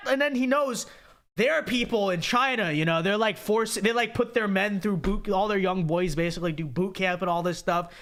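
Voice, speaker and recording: A man's voice: high-pitched, normal speed, a bit bright. A young man hosting a livestream, ranting emphatically and repeating himself to press his point. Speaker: livestream host. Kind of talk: casual livestream rant.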